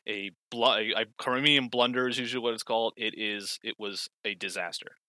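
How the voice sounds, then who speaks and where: A man's voice: medium pitch, fairly even intonation, fairly quick, bright, forceful tone, no echo. A man on a podcast explaining history in casual chat, rambling with fillers and frequent self-corrections.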